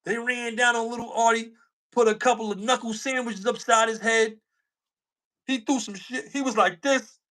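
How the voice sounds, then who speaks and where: A man's voice: extremely high pitch, steady tone, moderate pace, bright, forceful tone. A man co-hosting a casual livestream chat, slangy, repeating himself and laughing often. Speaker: co-host.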